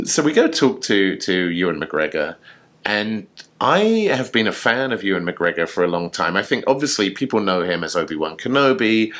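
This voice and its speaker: A man's voice: low voice, sing-song, moderate pace, fairly bright tone. A man co-hosting a casual chat show, telling a story in an enthusiastic, chatty way with fillers. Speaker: podcast co-host.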